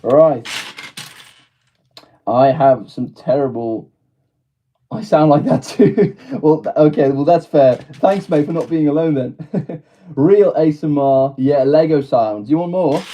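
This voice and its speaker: A British man chats through a live stream, slow and unhurried, with a mellow, soft-edged voice. He laughs often and keeps answering his viewers' messages. A faint noise sits behind him. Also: fairly high pitch, lo-fi sound. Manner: chatty, laughs often, reads out and answers chat. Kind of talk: casual live-stream chat.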